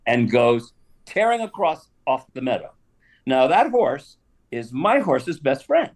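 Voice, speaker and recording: Older man telling a lively anecdote. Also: medium pitch, a little slow. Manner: animated anecdote telling with laughs and asides. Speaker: guest actor telling stories. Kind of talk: casual storytelling on a live stream.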